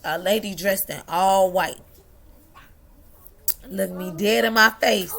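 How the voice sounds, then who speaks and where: A young woman shares a personal story, her voice gravelly with a bright edge. She talks slowly and unhurriedly, drifting between tearful and laughing. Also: mid-range voice. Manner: emotional, laughing and tearful at times. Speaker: vlogger.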